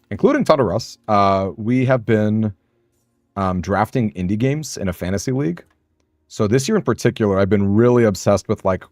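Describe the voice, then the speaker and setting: Rambling, chatty low-voiced man. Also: darkish tone, no echo, clean studio sound. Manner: rambling, chatty, talks to viewers by name; self-deprecating, laughs often. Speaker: streamer. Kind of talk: casual live-stream chat while gaming.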